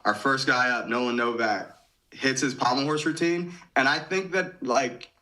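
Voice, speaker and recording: A man's voice: mid-range voice, moderate pace, pushed and bright, poor audio. A man in his thirties from Michigan, a podcast guest casually retelling events and often quoting his own thoughts. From Michigan, USA. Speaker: podcast guest, former gymnast. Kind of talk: casual storytelling.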